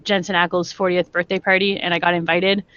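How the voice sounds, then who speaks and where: A woman, a film animator guest on a podcast, telling stories in an excited, laughing way. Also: lowish voice, a little fast, no room sound. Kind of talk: casual chat. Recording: dull dry sound.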